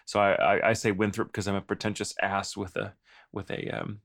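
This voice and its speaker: A Texan man co-hosts a podcast in an affected mid-Atlantic accent, his lowish, gravelly voice a bit bright and level in tone. He speaks briskly in casual, theatrical chat and laughs often.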